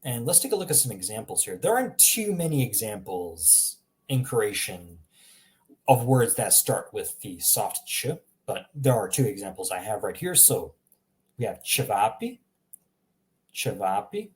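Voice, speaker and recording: A man giving a casual spoken language lesson, explaining sounds with self-aware humor and repeating them slowly to demonstrate. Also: lowish voice, lively intonation. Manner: chatty, self-aware explaining with little laughs. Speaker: language teacher.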